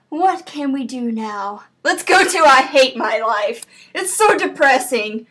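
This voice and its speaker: Brief: high-pitched woman gaming host, loud and profane, yelps and laughs at every crash. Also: normal speed. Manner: excitable, profane, laughs and shouts at the game. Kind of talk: let's play commentary.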